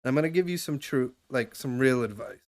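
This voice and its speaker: A young man on a live stream chats loosely and at length, offering casual advice to a stranger, with plenty of fillers and false starts. His voice is medium-pitched and his pace brisk.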